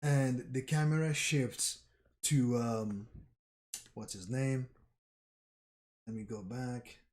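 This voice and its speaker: Man, mid-range voice, slow delivery; streamer reading a comic aloud with commentary, repeats himself as he thinks. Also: medium pitch, steady tone, darkish tone. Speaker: manga reaction streamer.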